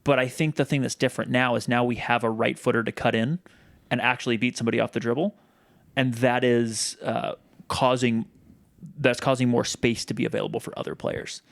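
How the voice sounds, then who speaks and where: Male co-host, casual, gravelly tone, dead-dry close mic. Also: medium pitch, level tone, brisk, no room sound. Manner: chatty, many restarts and fillers. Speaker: podcast co-host. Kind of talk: casual chat.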